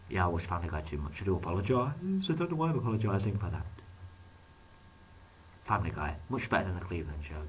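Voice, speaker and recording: A man with a fairly low voice speaks straight to his viewers in a loose, wandering monologue. His pitch swings widely as he cracks jokes and pokes fun at himself, and a faint hum runs underneath. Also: animated, fast, darkish tone, far from the mic, poor audio. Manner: rambling, joking, self-deprecating. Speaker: YouTuber. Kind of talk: casual vlog monologue.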